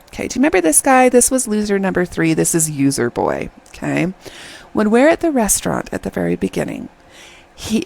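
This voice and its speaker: A woman casually recapping a drama, talking in an animated, exasperated way, often checking in with "okay?". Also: lowish voice, gravelly. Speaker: drama reviewer.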